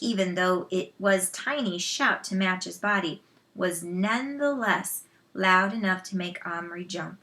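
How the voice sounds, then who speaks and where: A woman reading a children's novel aloud, slow and measured, with soft asides to listeners. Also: mid-range voice. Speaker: storyteller.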